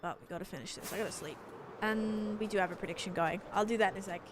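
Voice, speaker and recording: A woman's voice: mid-range voice, quick pace, over music. An Australian woman chatting on a live game stream, thinking aloud as she builds and answers her chat.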